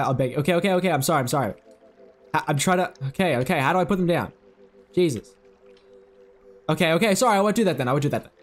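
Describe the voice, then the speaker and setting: A young man giving excitable, swearing gameplay commentary while he plays, talking to himself. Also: fairly high pitch. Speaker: gaming video creator.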